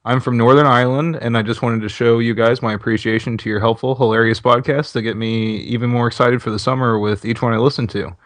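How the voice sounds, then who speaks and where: A man's voice: medium pitch, steady tone, quick pace, few pauses, dry recording. A man co-hosting a casual podcast, laid-back and plain-spoken. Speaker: podcast co-host.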